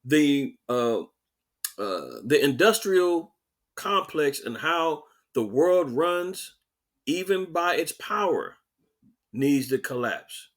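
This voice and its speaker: A man hosting a podcast, delivering animated, sarcastic political commentary with mocking asides. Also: fairly high pitch, slow. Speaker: podcast host.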